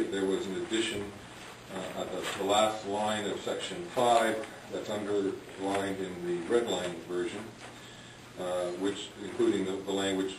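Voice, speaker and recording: Man, low voice, public commenter, hesitant, echoey council chamber, distant mic. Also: noisy background. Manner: halting, many fillers. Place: large government chamber.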